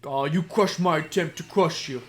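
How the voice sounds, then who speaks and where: A man's voice: a little high, normal speed, faint music behind, close to an everyday voice. A man voicing a dim, rude male gang grunt in a made-up British accent, brash and taunting. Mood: sulky. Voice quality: rude, dumb-sounding.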